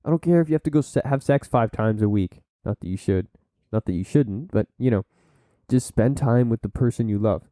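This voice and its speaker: A man's voice: medium pitch, lively intonation, a little fast, mellow, no echo. A man hosting a solo podcast, reading from sources and breaking off into blunt asides and silly put-on voices. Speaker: podcast host.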